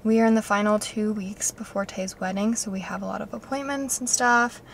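A young woman chats to her vlog viewers, excitable and rambling as she runs through her week's plans. Her voice sits in an everyday middle pitch. There is a faint bit of background noise. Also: brisk, creaky. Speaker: vlogger. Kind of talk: casual vlog chat.

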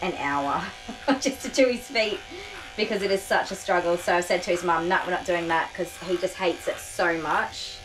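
In a noisy grooming room with clippers buzzing, a woman with a lowish voice talks casually to her camera on a tripod as she calms a dog. She's a groomer, weary and nursing a sore back.

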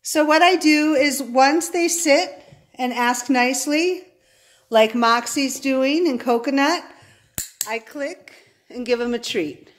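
High-voiced woman chatting slowly. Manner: high sing-song calls and soft murmured praise to puppies. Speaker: dog breeder. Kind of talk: casual vlog talk to camera.

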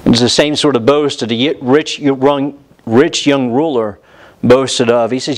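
A man's voice: mid-range voice, steady tone, unhurried, low-quality recording. A pastor preaching an impassioned sermon, acting out the voices of the people in the story he tells.

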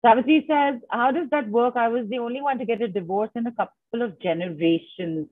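A woman's voice: fairly high pitch, fairly quick, dry recording. A woman hosting an online summit, reading out audience comments in a chatty, teasing way over a video call. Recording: dry phone-like call audio.

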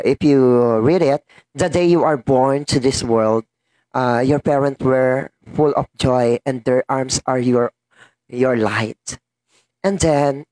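A Filipino-accented woman vlogging in casual chat, tearful and emotional, talking haltingly and laughing through her tears. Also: extremely low pitch, a little mellow, no echo.

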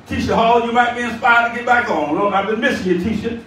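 A man preaching a sermon as bishop, shouting and calling out to the congregation, recorded from a distance in a church. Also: very high voice, fast, a little hiss or hum. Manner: shouting, call-and-response preaching. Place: church sanctuary. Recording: echoey church room, distant mic.

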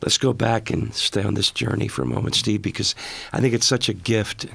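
A man's voice: fairly low pitch, fairly even intonation, fairly quick, creaky, a bit bright, breathy edge, dry recording. A man hosting a faith radio interview, asking probing, empathetic questions. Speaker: radio host.

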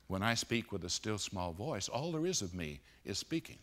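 A man delivering a conference sermon on a stage microphone, his low voice swooping widely in pitch. His tone is bright and forceful. He surges to loud emphatic peaks, then drops to hushed, grave lines. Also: sing-song, normal speed. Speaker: pastor preaching at a conference. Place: conference auditorium.

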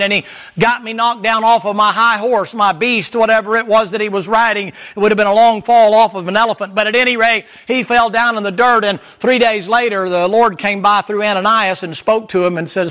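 A middle-aged man preaches from the pulpit in a notably high voice. He builds to loud, soaring emphasis, then drops low and quiet to drive a point home. It is an impassioned, rhythmic sermon delivery. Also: steady tone, a little fast. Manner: impassioned preaching, rising and falling in pitch and volume. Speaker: pastor.

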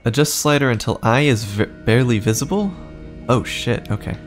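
A man's voice: medium pitch, moderate pace, soft background music. A man streaming a horror game, chatting casually and reacting aloud as he plays, swearing now and then. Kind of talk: casual gameplay commentary.

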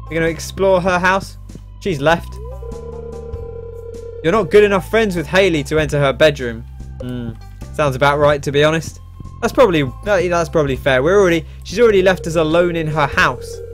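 A man's voice: a little high, normal speed, faint music behind. A young man casually commenting on a video game as host, chatty with wry asides. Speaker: let's play host.

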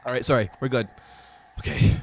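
A young man rambling and yelling crude jokes while streaming a game. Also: medium pitch, fairly even intonation, brisk, a little hiss or hum. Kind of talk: gameplay commentary.

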